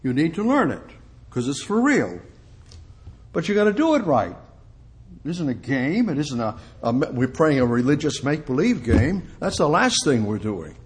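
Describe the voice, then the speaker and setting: A man giving an informal sermon in a folksy, repetitive way, often dropping to a hush. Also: fairly high pitch, sing-song, moderate pace. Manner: repetitive, folksy, drops to hushed tones. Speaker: preacher.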